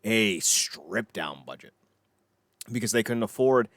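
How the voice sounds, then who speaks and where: Low-voiced rambling podcast man. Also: lively intonation, a little slow, a bit bright, no room sound, studio quality. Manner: rambling, profane, trails off and mumbles. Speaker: podcast co-host. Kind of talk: casual podcast chat.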